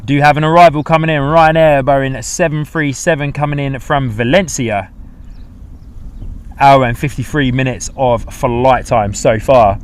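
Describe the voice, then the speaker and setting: A man's voice: medium pitch, fairly even intonation, unhurried. A man hosting a live plane-spotting stream outdoors, giving casual running commentary and reading out chat messages in a friendly, upbeat way. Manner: chatty, reads out chat messages, upbeat asides. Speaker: plane spotting livestream host. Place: outdoors at an airport.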